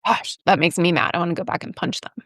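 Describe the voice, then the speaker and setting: A woman's voice: fairly low pitch, quick pace, no room sound, studio quality. A woman hosting a podcast interview, responding with sympathy and short affirmations. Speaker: podcast host. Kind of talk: interview conversation.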